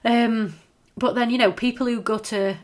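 Woman, thirties, casual podcast chat, sweary, animated. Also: on the high side, moderate pace. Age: 30s.

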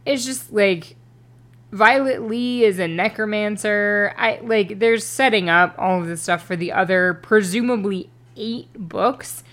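A woman's voice: mid-range voice, measured pace, fairly bright tone. A woman co-hosting a podcast, giving a wry, sarcastic book critique in casual chat. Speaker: podcast co-host.

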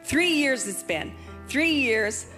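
A woman's voice: sits high, lively intonation, slow. An older woman preaching a sermon, emphatic and fervent, repeating her rallying phrases. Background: music.

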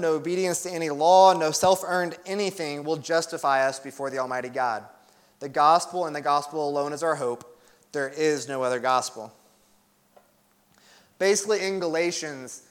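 Earnest, slightly high-voiced male preacher. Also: moderate pace, clean tone. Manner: earnest, emphatic preaching with conversational asides. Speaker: pastor. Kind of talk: sermon.

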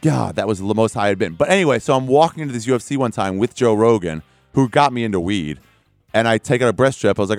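A man's voice: lowish voice, quick pace, soft background music. A man telling a story on stage as a stand-up comedian, acting out the voices of the people in it. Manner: animated, acts out voices in his story. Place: comedy club stage with audience. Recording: echoey club with crowd laughter.

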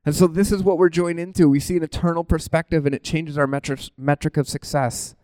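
A man preaching a conversational sermon in an animated, informal way, often breaking off mid-thought and laughing at himself. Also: a little high, fairly quick, clear, resonant tone, no room sound.

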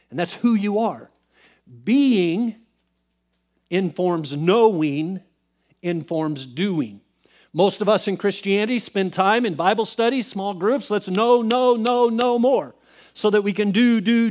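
A man preaching a sermon as pastor, swinging from loud emphatic bursts to soft hushed asides. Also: fairly high pitch.

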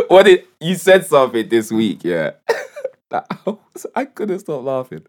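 A man's voice: wildly swooping pitch, a little slow. Laughing, teasing young man. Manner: laughs often, teasing, mumbled low asides. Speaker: podcast co-host. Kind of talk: casual banter.

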